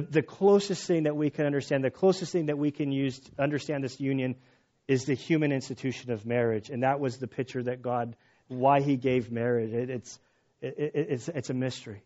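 A middle-aged man preaching a sermon as pastor, earnest and halting, often restarting his phrases. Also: mid-range voice, a little mellow. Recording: dull lo-fi sound.

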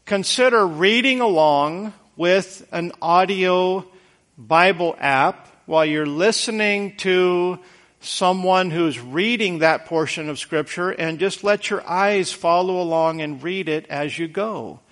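Earnest, folksy higher-voiced male preacher. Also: takes it slowly, a bit bright. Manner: earnest, folksy, repeats words for emphasis. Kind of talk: conversational sermon.

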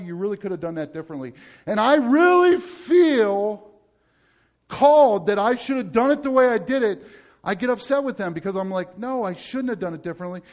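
A male pastor preaching a sermon emphatically, moving between loud urgent passages and low, quiet ones. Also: muffled recording.

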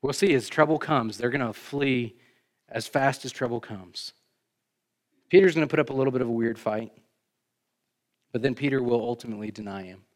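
A male pastor delivers a sermon in a conversational, emphatic way. His voice sits at an ordinary middle pitch, climbing sharply for the key points and sinking quietly afterward, with casual asides to the congregation. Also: normal speed, long pauses. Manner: emphatic, rising for stresses, then dropping low.

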